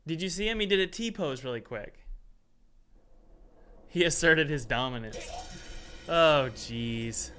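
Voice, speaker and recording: A man narrates his game development session at his desk in a bright, forceful voice that sits a little high. He talks loosely and thinks aloud, trailing off and sighing at stubborn bugs. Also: expressive, slow pace, pauses often, clean tone, soft background music. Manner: chatty, self-talking, exasperated asides. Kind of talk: casual devlog commentary while working.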